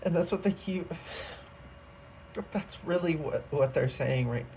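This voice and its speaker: A tarot reader with a warm, mellow voice talks casually to camera from a room at home. The delivery rambles, trailing off and restarting mid-thought, and turns emotional at times. A faint computer-fan hum sits underneath. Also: medium pitch, measured pace.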